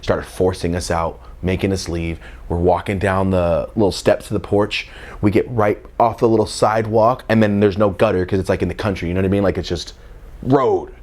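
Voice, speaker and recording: A man from California telling a comic story about his youth in a casual, slang-filled way, jumping to a high squeaky voice for quotes and dropping to hushed whispers. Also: fairly even intonation, fairly quick. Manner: casual slang-heavy delivery. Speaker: comedian. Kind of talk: comedic story time.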